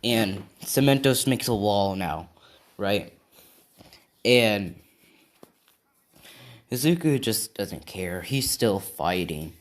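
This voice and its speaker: A man improvising a fan-made story out loud, chaining events loosely with many "and he says" links. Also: on the low side, expressive, slow, pauses often.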